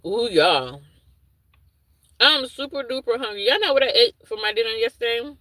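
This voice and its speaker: A woman hosting a livestream, an adult with a young son, chats casually, reading viewers' comments aloud and answering them while rambling and losing her train of thought. Her voice is a little high, bright and pushed, with lively intonation and a moderate pace, and the audio is poor.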